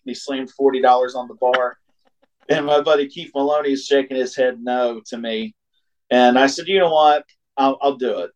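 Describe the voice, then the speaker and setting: A man in casual conversation spins a long road story with easy, middle-pitched warmth. He laughs often, leans into the punchlines and briefly acts out the voices of the people he describes. A relaxed, chatty guest sharing a favorite tale. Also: moderate pace, rough recording. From Ohio. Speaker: singer-songwriter guest.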